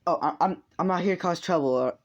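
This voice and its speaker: A man voicing a calm, defiant young woman who insists she means no trouble. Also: a little high, fast, pitched above the performer's own voice, close to an everyday voice.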